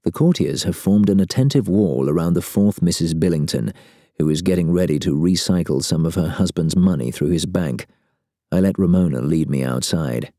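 Deep, dark-voiced male audiobook narrator. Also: moderate pace, no echo, clean studio sound. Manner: wry, sardonic first-person delivery. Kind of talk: first-person audiobook narration.

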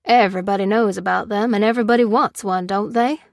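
A man's voice: sits high, steady tone, fast, creaky, dry recording. Woman doing a sly, bitter male medic, folksy talk, dry close sound, audiobook.

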